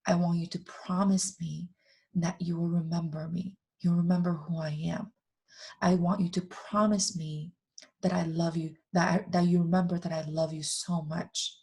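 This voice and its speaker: A woman voicing a loving, earnest helper soul in a spoken story, soft and partly whispered. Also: on the low side, little pitch movement, normal speed, slightly rough.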